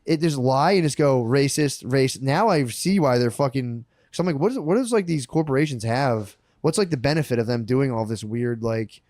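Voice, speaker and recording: A young man hosting a casual comedic chat, excitable and swearing a lot, often acting out the people he quotes. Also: mid-range voice, normal speed, hardly any pauses, no echo, studio quality. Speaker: podcast host.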